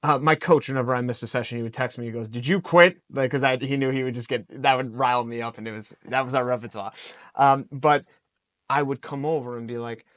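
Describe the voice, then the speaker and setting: Animated man telling coaching stories. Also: medium pitch, fast, dry recording, studio quality. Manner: animated, storytelling with acted-out quotes. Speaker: guest coach. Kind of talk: podcast interview answers.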